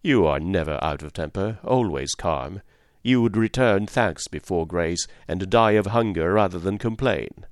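A man's voice: deep voice, lively intonation, unhurried, no echo, studio quality. A man voicing a blunt, hot-tempered male harpooner in an audiobook story. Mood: impatient. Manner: blunt, impatient.

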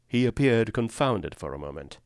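A man narrating a literary novel in a measured, grave, deliberate way. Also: fairly low pitch, very animated, dry recording, studio quality. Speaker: audiobook narrator.

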